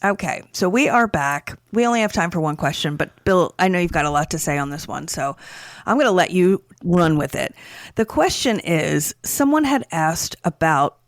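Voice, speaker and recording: A woman's voice: fairly low pitch, lively intonation, moderate pace. A woman from the area co-hosting a podcast, chatting casually and agreeably. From Philadelphia area. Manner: agreeable, chatty, laughs along. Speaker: podcast co-host. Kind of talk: casual chat.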